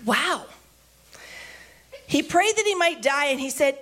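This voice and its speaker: High-voiced woman preaching conversationally. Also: takes it slowly, long pauses. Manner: animated, conversational commentary between readings. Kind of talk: sermon with Bible reading.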